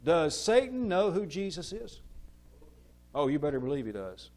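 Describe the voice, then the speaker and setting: A man's voice: on the high side, expressive, moderate pace, darkish tone, low-quality recording. A man preaching a sermon in a church, stressing key words one by one and asking the audience questions, then answering them himself.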